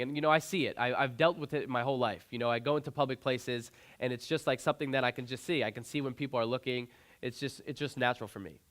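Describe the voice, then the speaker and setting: A man's voice: mid-range voice, fairly bright tone. A young man giving an inspirational keynote speech on a conference stage, telling a personal story earnestly into a stage microphone, often restarting and repeating his phrases. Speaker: motivational speaker.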